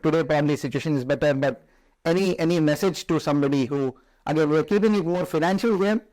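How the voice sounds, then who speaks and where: A man hosting a podcast, asking sympathetic, probing questions with frequent "uh" pauses. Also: on the high side, a little mellow, rough recording. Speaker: podcast host. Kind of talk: interview questions.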